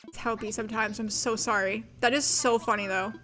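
A woman streaming a game, chatting casually with viewers, reading chat aloud and squealing with excited giggles. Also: a little high, fairly quick, soft background music. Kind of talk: casual live-stream chat while gaming.

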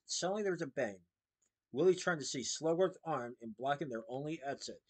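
A man reading a children's book aloud, steady with small slips and restarts. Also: a little high, a little fast.

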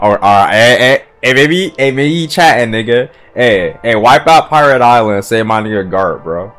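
A man hosting a manga reaction, talking casually, profanely and excitably, with stammered restarts and sudden loud outbursts. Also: on the low side, normal speed, few pauses, faint music behind.

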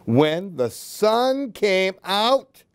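A woman reading picture books aloud to children in a slow, expressive, sing-song way. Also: medium pitch, clear, resonant tone. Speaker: storyteller.

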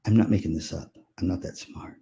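A man's voice: low voice, fairly even intonation, fairly quick, creaky, mellow. A man giving a conference keynote, telling stories playfully and acting out family members' voices. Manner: playful, jokes with audience. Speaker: keynote speaker.

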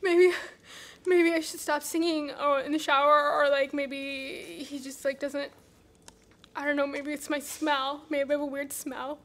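A woman's voice: high-pitched, flat delivery, a little slow. An actress playing an anxious, paranoid woman in her thirties who rambles, apologizes and bursts into rants. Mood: nervous. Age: 30s.

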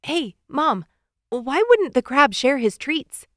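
A woman's voice: high-pitched, lively intonation, slow pace, no room sound, studio quality, pitched above the performer's own voice. A woman voicing a playful young boy telling a pun in an audiobook. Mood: joking. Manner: playful, sets up punchlines.

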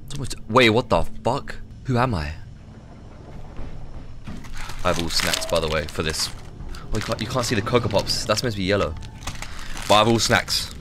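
A man streaming a game live, reacting loudly and excitably with lots of swearing. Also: fairly low pitch, brisk, background noise. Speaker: gaming streamer. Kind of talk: casual live-stream gameplay commentary.

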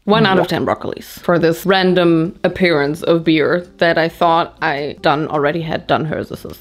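A young woman from Germany doing a casual, playful taste-test vlog with dramatic reactions. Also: fairly even intonation. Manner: dramatic, playful, quick jumps in pitch. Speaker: vlogger.

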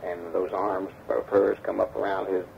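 A man telling a story from his past in an interview. He acts out the dialogue lively as he talks, on a damaged tape recording. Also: deep voice, moderate pace, creaky. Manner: animated storyteller acting out quoted dialogue. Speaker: interview guest, former bodyguard. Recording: dull damaged tape with faint hiss.

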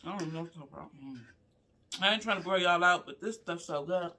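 A fast-talking woman with a lowish voice hosts a casual live eating vlog, chatting with her viewers as she has a meal. She talks with her mouth full, hums "mm" between bites to savor the food, and stays relaxed and chatty, calling her audience "y'all."

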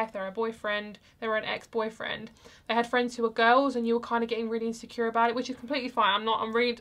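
A young woman giving a casual tarot reading to her viewers, chatty and rambling with lots of fillers. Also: on the high side. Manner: chatty, rambling, soft-spoken with frequent fillers. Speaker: tarot card reader.

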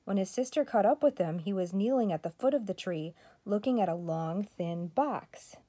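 An older woman, a grandmother, reading a children's story aloud in a steady, expressive way. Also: mid-range voice, normal speed.

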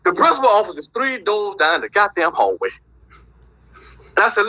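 A brash man rattling off a crude stand-up bit at a fast clip, his voice high and bright. The husky sound comes through a dry, dull video-call line. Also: very animated, no room sound. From Georgia, USA. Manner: brash, profane, rapid storytelling. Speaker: stand-up comedian. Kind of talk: crude stand-up comedy set.

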